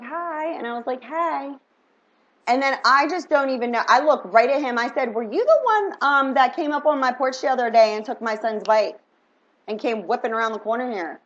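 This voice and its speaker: A middle-aged woman, a mother, telling a story in an indignant, animated casual rant, acting out her own lines and others'. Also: a little high, muffled recording.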